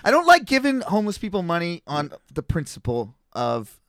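Animated storytelling man, dry close sound. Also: fairly quick, no echo. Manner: animated storyteller, acts out others in a higher voice. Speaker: podcast co-host. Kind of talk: casual chat, storytelling.

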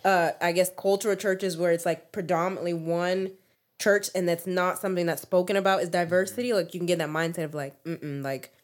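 A woman chatting casually, earnest and quick to laugh. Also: fairly low pitch, steady tone. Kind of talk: casual chat.

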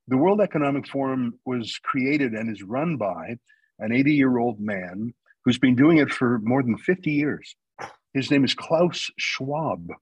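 Guest spot: husky, dry-sounding man from Canada, opinionated, presses his points hard. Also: mid-range voice, dry recording, poor audio. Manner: argumentative, emphatic, builds points with rhetorical questions. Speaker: guest, news company founder. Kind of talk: radio interview talk.

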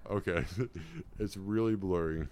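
A man's voice: lowish voice, dark tone, slight background noise. A man co-hosting a podcast, chatting casually, crude and laughing. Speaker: podcast co-host. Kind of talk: casual chat.

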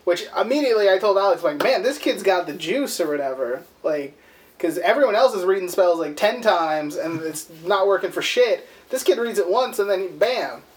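A man's voice: sits high, expressive, normal speed, slight background noise. A man co-hosting a movie podcast, recapping the plot in profane, rambling casual chat and acting out quotes. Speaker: podcast co-host.

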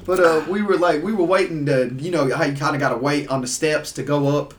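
Casual guest, male, higher voice, slightly off-mic, tells long stories with lots of "um, uh". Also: a little fast, distant mic. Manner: rambling, animated storytelling with lots of fillers. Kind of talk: casual storytelling.

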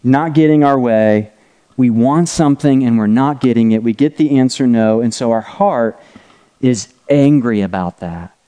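A man's voice: mid-range voice, normal speed, warm tone, clean tone. A middle-aged man preaching a conversational teaching sermon, drawing a diagram on a board as he talks and often checking in with "right?" and "okay?". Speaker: pastor.

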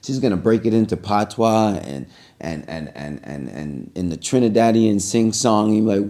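A man hosting a casual podcast, his voice low and mellow. He asks questions in an easygoing way and laughs easily. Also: lively intonation, moderate pace. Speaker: podcast co-host.

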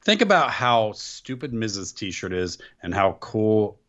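Man, deadpan co-host, lowish voice, blunt and unimpressed. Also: takes it slowly, dull audio. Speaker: podcast co-host. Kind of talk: casual chat.

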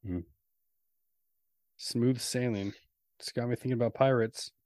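A man of middle pitch co-hosts a laid-back podcast, joking and ribbing his partner in a playful way. His voice comes through dry and close, with no room sound. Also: steady tone, unhurried, darkish tone, dry recording. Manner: teasing, playful. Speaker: podcast co-host. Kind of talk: casual chat.

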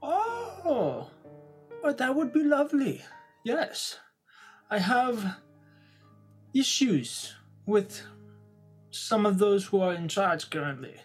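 A game master voicing an elderly, grandmotherly female silver dragon with a put-on South Asian-style accent and a high, sing-song, scolding manner. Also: big pitch swings, takes it slowly, long pauses, slightly rough, soft background music, heavily acted. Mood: delighted.

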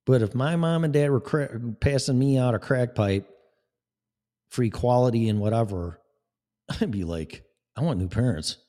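A man's voice: medium pitch, moderate pace, pauses often, mellow. A man hosting a live talk show, speaking in a blunt, sarcastic, rambling way. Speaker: podcast host. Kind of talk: casual live-show monologue.

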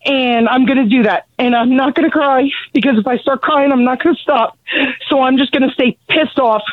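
A middle-aged woman, out of breath from pacing, speaks angrily and bluntly with halting restarts about losing her son. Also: sits high, no echo. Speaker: grieving mother of a fallen Marine, calling in. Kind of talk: emotional phone testimony. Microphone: telephone. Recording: tinny, dry phone line.

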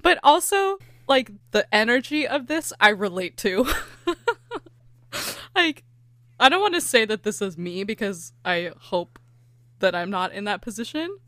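Californian woman host, animated, laughs a lot, dry close sound, casual chat. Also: mid-range voice, measured pace, pauses often, no room sound. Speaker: podcast host.

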